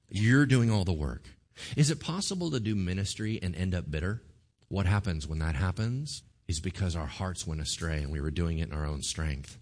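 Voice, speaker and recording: A man preaching a sermon, retelling a story in an animated way and acting out the voices of the people in it. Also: on the low side, moderate pace. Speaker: pastor.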